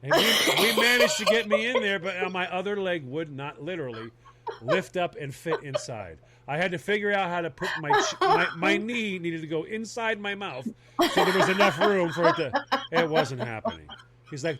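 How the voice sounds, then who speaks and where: Man, high voice, laughing storyteller, casual chat, audience noise behind. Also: normal speed, a loud crowd. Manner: animated, laughing through the story.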